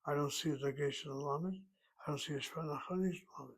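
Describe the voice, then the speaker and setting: A man with a gravelly, husky voice pitched a little above the usual teaches Hebrew grammar. He talks slowly and methodically and thinks aloud as he works through each word. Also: poor audio. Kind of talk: recorded Hebrew grammar lesson.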